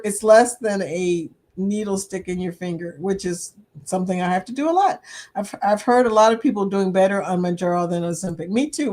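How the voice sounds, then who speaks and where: A woman hosting a casual livestream chat, laughing often and reading viewer comments aloud. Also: medium pitch. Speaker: livestream host.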